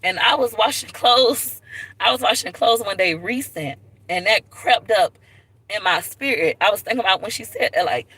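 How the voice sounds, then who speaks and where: A woman speaks straight into her phone on a live stream, open and unguarded as she tells her story. Her voice is bright and forward, with a heartfelt edge and moments close to tears. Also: medium pitch, animated, normal speed, breathy edge, dry recording, poor audio. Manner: candid, tearful at times, Southern US slang. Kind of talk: emotional personal storytelling.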